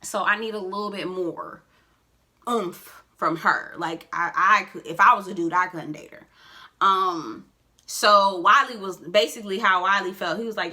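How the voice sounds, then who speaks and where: A woman giving a casual, sassy recap of a reality show, with expressive asides and big swings in pitch. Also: moderate pace.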